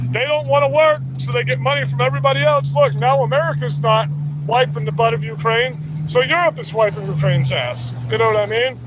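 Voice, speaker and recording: A man livestreaming outdoors, ranting in a profane, combative and rambling way. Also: extremely high pitch. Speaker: livestreamer at a rally counter-protest. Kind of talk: casual livestream rant. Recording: outdoor street noise with traffic.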